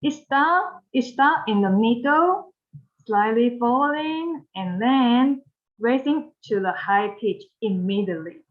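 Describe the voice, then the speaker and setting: Woman w/ mandarin accent teaching tones, slow careful repeats, kinda dull lo-fi sound. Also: a little high, lively intonation. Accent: Mandarin Chinese. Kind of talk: pronunciation lesson.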